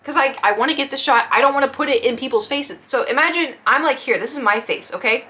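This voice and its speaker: A woman's voice: sits high, fast. A young woman chatting casually through a story and acting out what people said. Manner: animated, acts out quotes in shifting voices. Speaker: vlogger.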